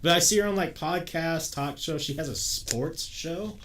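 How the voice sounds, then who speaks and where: A man's voice: on the high side, moderate pace, crowd noise. A man co-hosting a podcast, talking in a loose, crude way and laughing often. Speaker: podcast co-host. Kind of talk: casual chat.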